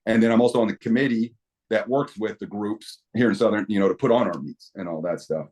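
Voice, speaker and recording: A man's voice: lowish voice, fast talker, darkish tone. A middle-aged man talking as a podcast guest, telling stories animatedly with many restarts. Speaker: podcast guest, equipment company owner. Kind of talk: casual interview talk.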